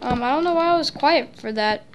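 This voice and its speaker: A woman hosting casual gameplay commentary, energetic and goofy, rambling on with lots of fillers into a close desk mic. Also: high-pitched, brisk, over music. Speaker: gaming channel host. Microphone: desk mic close to the mouth.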